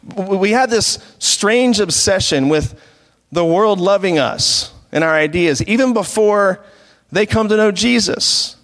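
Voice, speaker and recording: A man's voice: sits high, fairly bright tone, long reverb tail. A man preaching a sermon as pastor, in a conversational way, asking the congregation rhetorical questions.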